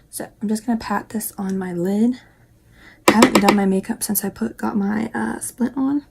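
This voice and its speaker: A woman's voice: mid-range voice, steady tone, normal speed, gravelly, noisy background. A young woman from West Virginia chatting casually through a makeup tutorial, rambling and dropping into whispered asides. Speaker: beauty vlogger.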